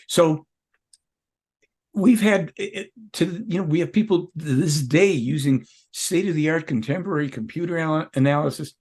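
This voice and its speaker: An older man talks as a guest in an interview, pressing his points hard and circling back to restart sentences. His voice sits a little high for a man and has a husky edge. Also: moderate pace, darkish tone. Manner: emphatic, rambling, with self-corrections. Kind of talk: conversational interview.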